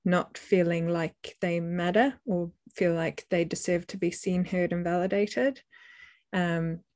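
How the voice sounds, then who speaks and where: Thoughtful woman with a lowish voice. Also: steady tone, measured pace, darkish tone. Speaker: parenting podcast co-host. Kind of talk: casual discussion.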